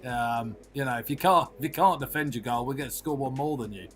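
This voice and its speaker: A man's voice: medium pitch, a little fast, faint music behind, lightly acted. A man doing a comedic impression of a blunt, swearing Australian football manager, with a broad Australian accent, tagging nearly every line with "mate". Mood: gleeful ranting. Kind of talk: comedic impression in podcast chat.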